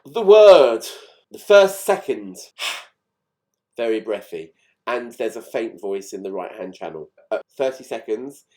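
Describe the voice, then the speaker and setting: A man's voice: mid-range voice, darkish tone. A man chatting through fine recording details of old songs in a casual, enthused, explanatory way. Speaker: music channel host.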